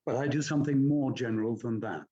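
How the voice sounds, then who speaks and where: An older man, an audiobook narrator, explaining his craft in a measured, courteous, articulate way. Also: medium pitch, warm tone, dull audio. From England. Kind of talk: interview answers, explaining narration technique.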